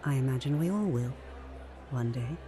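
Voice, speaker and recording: Proserpina, a serene former goddess. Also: female voice, extremely low pitch, expressive. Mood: warm. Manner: measured, formal, softly mysterious. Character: former goddess turned mortal woman, serene and gracious. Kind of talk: game voice acting. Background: game music.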